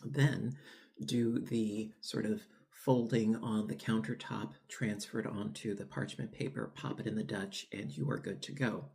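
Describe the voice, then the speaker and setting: Gravelly low-voiced man chatting about baking. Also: steady tone, measured pace, a little mellow. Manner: rambling, with frequent fillers and restarts; savoring food while talking. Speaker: home baking channel host. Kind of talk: casual cooking vlog talk.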